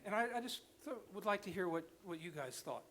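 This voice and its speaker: A man's voice: sits high, expressive, fast, fairly bright tone, slight background noise. A man in the audience hesitantly asking the panel a question. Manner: hesitant, with many ums.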